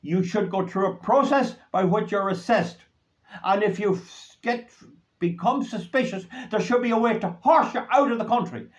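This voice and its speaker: A man's voice: sits high, moderate pace. An Irish man hosting his own channel, delivering a rambling, indignant solo monologue that grows heated. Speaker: host of a commentary channel. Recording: dull lo-fi recording.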